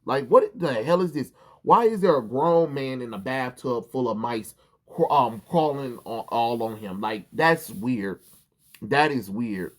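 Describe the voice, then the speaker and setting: A man's voice: mid-range voice, a little slow. A man recapping a comic book in a casual vlog, rambling, swearing and full of ums and restarts.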